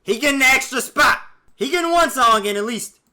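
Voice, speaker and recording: A man's voice: very high voice, animated, brisk, pushed and bright. A man streaming casually, rambling in a loose, profane, slang-heavy way. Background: faint music playing.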